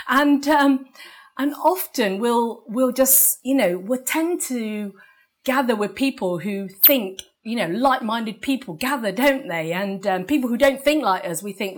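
An English woman delivers a sermon at an unhurried pace. Her tone is conversational, and she keeps asking the congregation for an amen. She often laughs lightly at her own asides. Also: fairly high pitch, lively intonation. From England. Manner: conversational, asks the congregation for amens, laughs at herself. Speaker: preacher.

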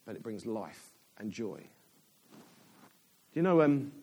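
Animated man preaching a sermon. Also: lowish voice, takes it slowly, breathy edge, lo-fi sound. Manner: animated, chatty, self-interrupting with laughs.

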